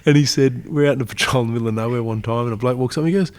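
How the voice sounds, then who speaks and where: A man's voice: medium pitch, steady tone, racing, a little mellow. An Australian man in his forties, a guest on an interview podcast, telling stories in a chatty way and laughing often. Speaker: guest, army veteran. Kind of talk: casual storytelling interview.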